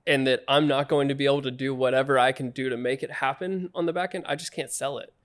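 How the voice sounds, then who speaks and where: A man's voice: medium pitch, fairly even intonation, quick pace. A man, a salesman guest on a podcast, explaining his views in a direct, emphatic way. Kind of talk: casual interview chat.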